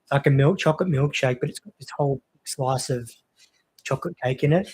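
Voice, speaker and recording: Husky rambling man chatting. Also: medium pitch, fairly quick, darkish tone, poor audio. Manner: rambling, chatty, lots of fillers. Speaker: co-host of a cricket watchalong stream. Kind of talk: casual chat.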